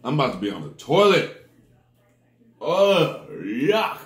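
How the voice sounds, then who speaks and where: A man's voice: medium pitch, very animated, moderate pace, reverberant. A man reviewing snacks on camera, talking to his viewers and groaning dramatically at each bite. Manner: dramatic, groaning reactions to the taste; talks straight to viewers as "people". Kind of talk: casual food-tasting vlog talk.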